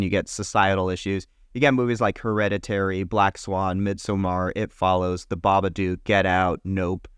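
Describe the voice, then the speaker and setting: A man's voice: lowish voice, clear, resonant tone, no room sound, studio quality. Enthusiastic man rattling off film history. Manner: enthusiastic, listing years in quick bursts, swears casually. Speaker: podcast co-host. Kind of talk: casual chat, film history rundown.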